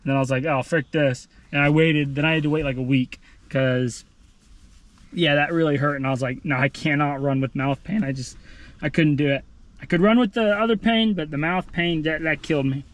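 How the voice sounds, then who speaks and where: A man's voice: a little high, a little fast. A man rambling and joking casually in a running vlog, sweaty and out of breath, talking into a handheld phone outdoors. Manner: rambling, jokey, self-deprecating. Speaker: vlogger.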